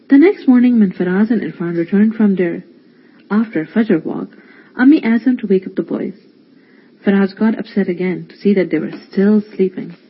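A storyteller narrates a children's story in an expressive, lively way. The voice is slightly husky, and the lo-fi recording leaves it dull and muffled. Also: mid-range voice.

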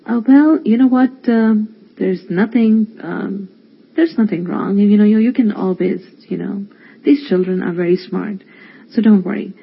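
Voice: mid-range voice, measured pace, creaky, husky, highs cut off. A storyteller voicing Irfan, a kind young man who talks patiently to children in a storybook reading. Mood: gentle. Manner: warm, patient coaxing. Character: kind, cheerful young male guest, gentle.

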